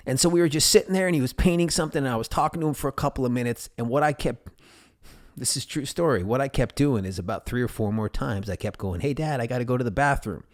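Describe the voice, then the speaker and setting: A man hosting a podcast, telling personal stories in a casual, animated way and acting out the voices of the people in them. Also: mid-range voice, fast. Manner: animated, acts out quoted voices. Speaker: podcast host.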